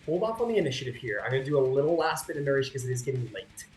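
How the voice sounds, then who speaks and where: A man's voice: mid-range voice, sing-song, very fast, a little mellow. A man narrating a tabletop game as game master, in a loose, rambling way with lots of fillers. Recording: roomy sound with faint music.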